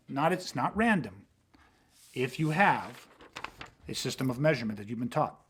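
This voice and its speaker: A man hosting a podcast, talking with intensity, swearing freely and acting out quick street confrontations to make his point. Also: medium pitch, lively intonation, breathy edge. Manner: emphatic, swearing, acts out street exchanges. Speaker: host.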